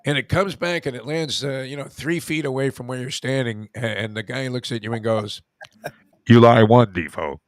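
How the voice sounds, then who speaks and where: A man's voice: mid-range voice, steady tone, a little fast, few pauses, fairly bright tone, dry recording, studio quality. A man hosting a casual radio talk show, telling rambling, joking stories.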